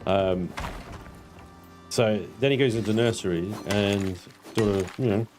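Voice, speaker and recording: A man's voice: fairly low pitch, a little slow, over music. A man in his thirties, chatting casually and swearing freely as he streams a game and answers chat. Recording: clear background noise.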